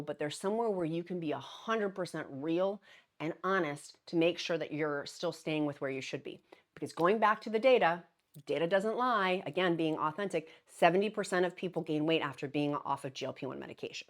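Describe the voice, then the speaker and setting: Woman doing her daily vlog, kinda low voice, earnest and pep-talky, lots of restarts. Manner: earnest, emphatic and encouraging, with frequent restarts and laughs. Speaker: vlogger hosting a daily show. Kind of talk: casual direct-to-camera vlog talk.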